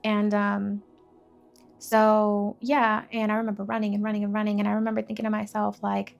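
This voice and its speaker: A woman's voice: medium pitch, completely flat delivery, moderate pace, gravelly, soft background music. A young woman telling her own life story with candor and emotion, full of fillers and restarts. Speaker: faith vlogger. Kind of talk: personal testimony.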